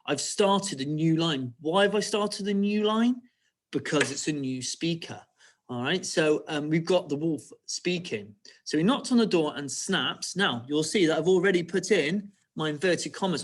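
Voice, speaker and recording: A male primary school teacher giving an online writing lesson, patiently walking pupils through each step and checking they follow. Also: on the high side.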